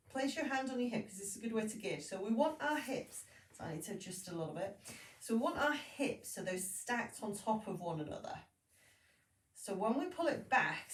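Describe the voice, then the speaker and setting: A woman leading a Pilates class, giving calm, steady cues and counting through each exercise. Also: medium pitch. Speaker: Pilates instructor. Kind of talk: guided exercise class instruction. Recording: echoey room, voice from a distance.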